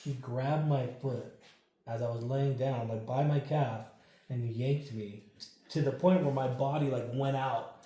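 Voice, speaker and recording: A man's voice: mid-range voice, measured pace. A man telling a ghost story as a podcast guest, casual and full of swearing. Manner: profane, animated storyteller. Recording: very echoey room.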